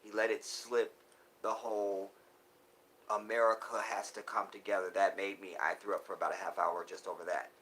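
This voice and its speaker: A man talking live to his viewers in an emotional monologue, breaking off and restarting, swinging from loud urgent pleas to hushed near-whispers. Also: fairly low pitch, level tone, slight background noise, poor audio. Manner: halting, restarts often. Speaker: live streamer.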